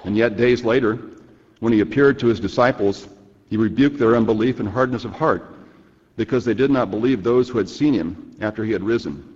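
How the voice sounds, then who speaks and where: A man delivering a sermon in a measured, earnest way, reading scripture passages aloud. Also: mid-range voice, darkish tone, breathy edge. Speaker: preacher. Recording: lo-fi with long reverb.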